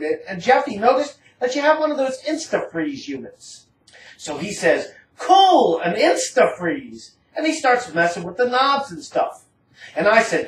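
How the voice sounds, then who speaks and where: A woman's voice: on the high side, a little hiss or hum. A woman giving a dramatic first-person story reading in a rambling, casual, slangy manner. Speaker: narrator. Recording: roomy, distant from the mic.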